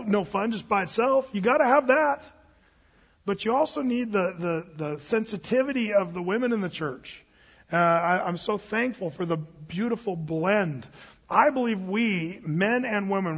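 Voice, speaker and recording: A middle-aged male pastor with a husky voice, preaching in a conversational, joking way and often repeating his words. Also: high-pitched, normal speed. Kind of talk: sermon. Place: church sanctuary. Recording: dull hall reverb.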